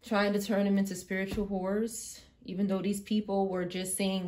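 A woman's voice: mid-range voice, level tone, normal speed, few pauses. A woman doing a tarot reading in an emphatic, swearing, impassioned manner. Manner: emphatic, swears often, swings from quiet to loud outbursts. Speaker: tarot reader. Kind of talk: live tarot reading monologue.

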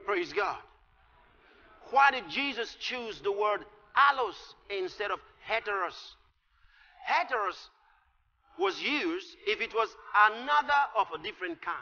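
High, bright-voiced preaching man. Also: animated, measured pace. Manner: emphatic preaching, rises to shouts on key lines. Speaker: pastor. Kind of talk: sermon. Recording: lo-fi recording with long hall reverb.

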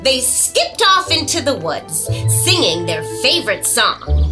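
A woman hosting a children's storytime, reading a picture book aloud and explaining words along the way. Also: fairly high pitch. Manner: slow, lively and expressive, explains words. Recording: music playing behind.

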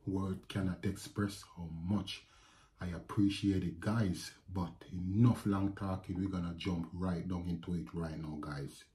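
A man with a Jamaican accent, telling a personal story to his viewers in a lively vlog, often calling out to them. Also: sits low, a little slow. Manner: animated, addresses viewers as guys. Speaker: vlogger. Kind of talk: casual storytelling to camera.

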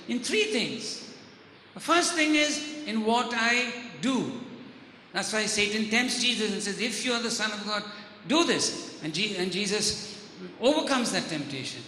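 A man with a strikingly high, bright voice delivers an earnest sermon, stumbling over and repeating words as he goes. The sound rings with long reverb, as if recorded in a large hall. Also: big pitch swings, normal speed, a little hiss or hum. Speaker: preacher. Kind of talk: sermon teaching.

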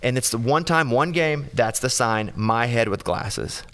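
A man's voice: mid-range voice, expressive, a little slow, fairly bright tone. A man from Arkansas hosting a casual interview, joking and teasing his guest. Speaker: radio show host.

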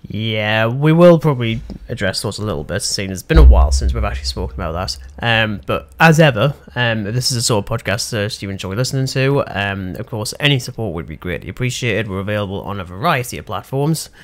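A man's voice: fairly low pitch, animated, quick pace, hardly any pauses. Young british guy hosting a podcast, lots of ums and little laughs, easy chatty tone. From Britain. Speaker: podcast host. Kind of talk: casual podcast chat.

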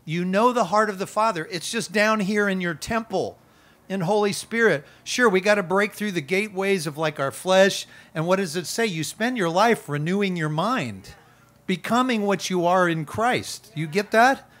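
A man pastor preaching a sermon at an outdoor worship gathering, conversational and energetic with playful asides. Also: sits high, normal speed.

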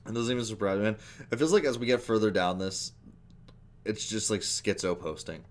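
A man's voice: lowish voice, fairly quick. A man hosting a reaction video, commenting in a laid-back, profane, laughing way.

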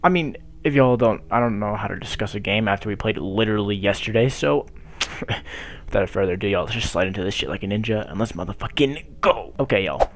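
A man's voice: fairly low pitch, lively intonation, a little fast. Hyped, foul-mouthed young man gaming. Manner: loud, hyped, swears constantly, talks to the game. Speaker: gaming YouTuber. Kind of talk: profane gameplay commentary.

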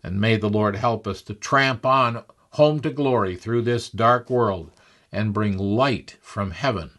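A man's voice: on the low side, unhurried, a bit bright. Chuckling man telling a devotional story. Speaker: preacher.

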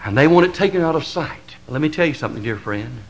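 A man's voice: a little high, lively intonation, fast talker, rough recording. A man from the American South with a Southern drawl, a pastor preaching an impassioned sermon that builds to emphatic crescendos in a repetitive rhetorical cadence.

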